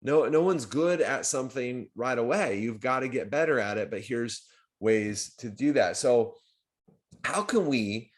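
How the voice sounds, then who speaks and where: A man's voice: medium pitch, unhurried. A man hosting a live community stream, talking casually with many restarts and sudden bursts of emphasis. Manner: conversational, repetitive restarts, animated swings in loudness. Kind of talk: casual livestream talk.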